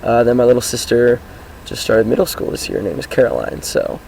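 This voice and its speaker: Sitting outdoors on his car, a teenage vlogger from Washington State, US, gives a casual self-introduction, rambling cheerfully with many filler words. His gravelly voice is hoarse and groggy, mid-range and a little mellow, and he talks fairly quickly. The audio is poor, with a faint hiss or hum.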